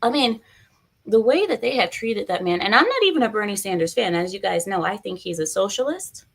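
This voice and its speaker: A woman's voice: medium pitch, animated, brisk, creaky, a bit bright, slightly rough. A woman doing casual live-stream commentary, chatty and opinionated, reading viewer comments aloud.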